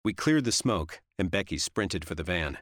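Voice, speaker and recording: A man giving steady, measured first-person audiobook narration. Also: sits low, no room sound, clean studio sound.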